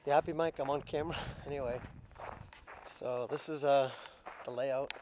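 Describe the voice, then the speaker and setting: A man's voice: mid-range voice, fairly even intonation, moderate pace. A man casually vlogging around his home and yard, rambling and swearing, then apologizing for it. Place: outdoors at home, yard with dogs. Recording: noisy outdoor camera audio with dogs.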